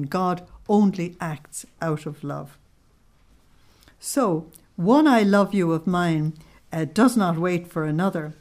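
A woman's voice: lowish voice, takes it slowly, a little mellow. Earnest woman leading a spiritual study. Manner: earnest, explains, asks tag questions. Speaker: spiritual study group leader. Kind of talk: religious teaching with read-aloud passages.

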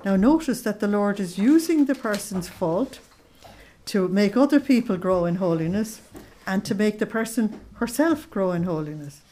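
A woman's voice: medium pitch, animated, normal speed, warm tone, a little hiss or hum. A woman leading a spiritual study group. She reads passages aloud, stops to explain them, and asks her listeners tag questions. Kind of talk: religious teaching with read-aloud passages.

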